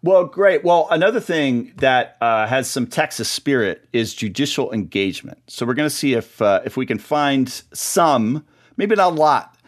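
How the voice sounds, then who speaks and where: A man's voice: mid-range voice, expressive, moderate pace. A man hosting a podcast in a chatty, casual way. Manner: chatty, with fillers and restarts. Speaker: podcast host.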